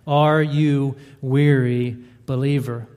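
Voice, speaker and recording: A man's voice: mid-range voice, steady tone, slow, darkish tone, clear, resonant tone. A male pastor delivering a sermon, building emphasis with repeated rhetorical questions. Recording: reverberant hall.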